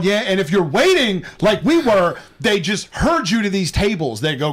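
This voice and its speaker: A man's voice: high voice, very animated, normal speed. A man co-hosting a podcast, telling crude joking stories in casual chat, with plenty of fillers. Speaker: podcast co-host.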